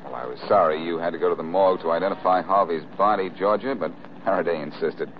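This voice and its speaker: An actor playing a cool, wisecracking detective in 1940s radio acting style. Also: male voice, deep voice, quick pace. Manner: dry, teasing wisecracks. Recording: dull old radio broadcast with faint hiss.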